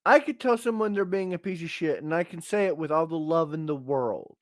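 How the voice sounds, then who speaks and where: Fairly high-pitched and fairly quick, this male podcast co-host rants bluntly and profanely about tough love in emphatic, opinionated chat. The sound is clean studio quality with no room sound.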